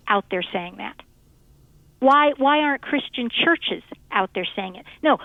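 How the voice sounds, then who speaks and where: A woman's voice: a little high, dry recording. A woman guest on a radio show, talking in a fiery, emphatic and preachy way. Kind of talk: impassioned call-in talk. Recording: tinny phone line.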